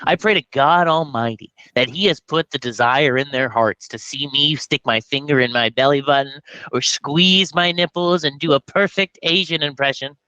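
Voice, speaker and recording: A man chatting casually as a comedian guest, rambling and jokey with animated bits. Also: a little high, moderate pace, smooth, dry recording, muffled recording. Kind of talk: casual podcast chat.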